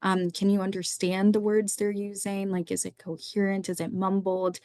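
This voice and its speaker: A woman's voice: medium pitch, level tone, normal speed, dark tone, dry recording, clean studio sound. A young woman, a psychiatry resident, teaching medical students through a slide lecture, running through lists of questions in an explanatory way. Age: young adult.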